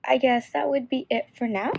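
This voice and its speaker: A teenage girl explaining signs in a casual, halting tutorial. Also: high voice, steady tone, creaky, a little mellow, slight background noise. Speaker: sign language instructor.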